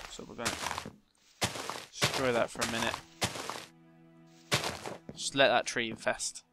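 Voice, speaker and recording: A young man giving casual gameplay commentary, muttering to himself and breaking into loud, excitable shouts. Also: medium pitch. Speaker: gaming channel host.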